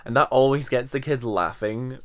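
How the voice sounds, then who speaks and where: A man's voice: medium pitch, normal speed. A man in his twenties with a mild Scottish accent, chatting unscripted to camera about his teaching, rambling and self-deprecating. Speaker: English teacher. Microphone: camera in front of him.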